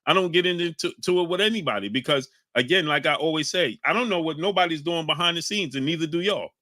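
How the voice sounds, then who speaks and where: A fast-talking man with a slightly high voice runs a heated live stream, reading from the chat. He shouts viewers' names and clashes with them combatively.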